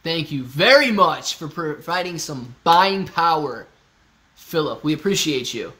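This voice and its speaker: Male streamer, slightly high pitch, casual and joking, reads chat aloud. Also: lively intonation, measured pace, sharp tone. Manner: joking, loose, talks to chat by name. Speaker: livestream host. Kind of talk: casual livestream chat reading comments. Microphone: phone used as webcam.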